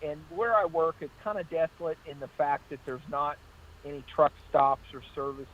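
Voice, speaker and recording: Brief: male trooper guest, fairly high voice, story-driven chat, dull lo-fi line. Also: moderate pace. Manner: anecdotal, repeats "I said" in acted-out exchanges. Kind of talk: casual call-in storytelling.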